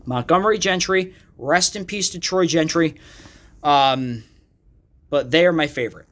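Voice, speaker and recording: A man's voice: on the high side, unhurried, a bit bright. A man from the United States hosting his own podcast, ranting with a lot of profanity in a loose, heated monologue. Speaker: podcast host. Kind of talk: solo podcast rant.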